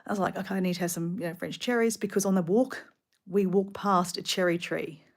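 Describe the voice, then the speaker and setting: A middle-aged woman with an Australian accent tells a casual story straight to camera. Her voice sits slightly low, and she rambles in a chatty, animated way, full of asides. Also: fairly quick. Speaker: vlogger. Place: hotel room.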